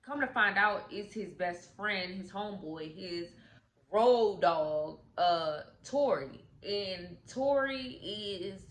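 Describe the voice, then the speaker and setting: A woman's voice: mid-range voice, lively intonation, slow pace. Chatty woman recapping a movie, roomy. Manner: chatty, many "like" fillers, slangy, acts out characters' lines. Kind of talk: casual movie recap storytelling. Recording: roomy echo with faint noise.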